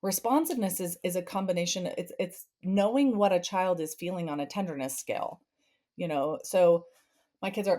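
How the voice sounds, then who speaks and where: Animated woman therapist acting out scenes. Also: fairly low pitch, brisk. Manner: animated, acts out family scenes with playful voice shifts. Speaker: therapist and podcast guest. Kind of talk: conversational parenting advice.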